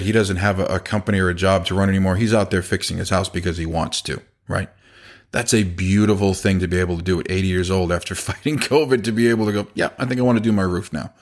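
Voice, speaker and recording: A low-pitched man, chatting casually as a business owner. He tells work stories and slips into the voices of the people he quotes. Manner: conversational, acts out quoted dialogue. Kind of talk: casual storytelling talk.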